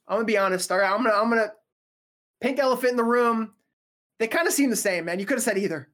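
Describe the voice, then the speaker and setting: A woman's voice: on the high side, quick pace, fairly bright tone. A woman preaching a casual sermon, talking conversationally with joking, slangy asides.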